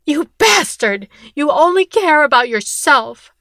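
A woman reading the lines of a mild-mannered young man yelling in fury, in a storybook reading. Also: very high-pitched, animated, slow, dry recording, studio quality, pitched above the performer's own voice, exaggerated voice. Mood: raging.

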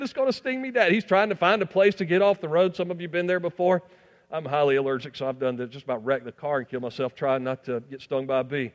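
Brief: man delivering a sermon in a reverberant church, rising emphasis then soft asides. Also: high voice. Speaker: pastor.

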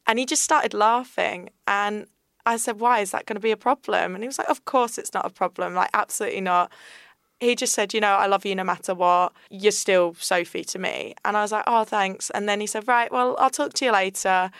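A young woman tells her own story on a podcast, candid and earnest. Her voice is smooth and resonant but has a gravelly fry underneath. The sound is dry and close. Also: mid-range voice, fairly quick, fairly bright tone, dry recording. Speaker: guest. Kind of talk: personal storytelling in a podcast interview.

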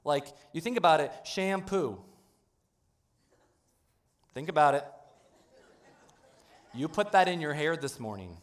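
A man preaching a humorous sermon in a church, joking with the congregation in a playful, animated way. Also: on the high side, takes it slowly, pauses often. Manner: playful, jokey, animated delivery. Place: church sanctuary.

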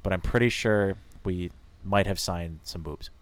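A young adult man co-hosting a podcast, telling a rowdy anecdote in an animated, jokey way. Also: low-pitched, a little slow, smooth, dry recording. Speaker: podcast co-host. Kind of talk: casual storytelling chat.

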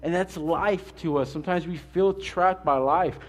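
A man preaching a sermon in a conversational way, mixing scripture with an animated personal story. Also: high-pitched, moderate pace. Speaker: pastor.

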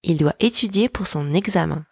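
A woman with as her language, hosting a podcast lesson and saying each word slowly and clearly for listeners to repeat. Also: lowish voice, a little mellow, dry recording, clean studio sound. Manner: word-by-word repetition drills, clear enunciation. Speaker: French teacher, podcast host. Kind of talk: slow, drilled language lesson.

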